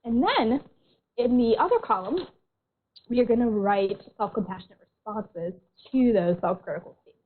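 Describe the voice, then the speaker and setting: A woman counselor leads an online workshop in a gentle, reassuring voice, pitched a little high, and keeps clearing a tickle from her throat. The sound is thin and tinny, like a phone line, from a computer mic on a video call. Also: expressive, normal speed.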